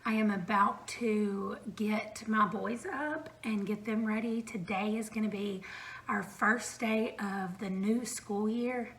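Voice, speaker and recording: A woman's voice: mid-range voice, steady tone, slow pace, fairly bright tone, slight background noise, low-quality recording. A woman in her thirties chatting casually at home in a book vlog, rambling with fillers and little laughs. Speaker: book vlogger. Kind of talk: casual reading vlog chat. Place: room at home.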